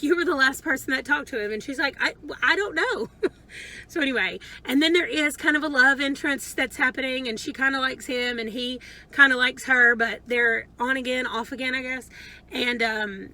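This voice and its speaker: A woman's voice: high voice, sharp tone, low-quality recording. A woman chatting casually about a book she read, rambling and chatty. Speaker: book vlogger. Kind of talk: casual book review chat.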